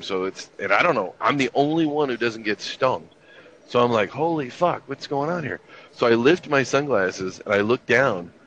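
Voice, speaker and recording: A man in his fifties with a lowish, slightly bright voice tells army stories in relaxed, wry, profane conversation. The dull lo-fi recording has faint ambience and a bit of background noise.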